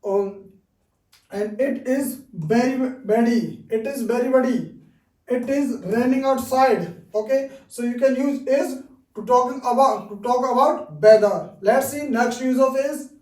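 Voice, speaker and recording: Man, English teacher, high-pitched, slow and repetitive delivery for beginners; distant mic in an echoey room. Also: a little mellow. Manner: slow and patient, repeats each example, frequent "okay". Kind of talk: grammar lesson for beginners.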